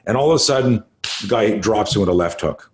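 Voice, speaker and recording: A man in his late fifties with a fairly low voice talks as a podcast guest. He tells stories in a casual, animated way, leaning hard on key words and swearing freely as he explains martial arts training. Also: brisk. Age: late 50s. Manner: animated, emphatic storyteller who swears freely. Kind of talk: casual storytelling interview.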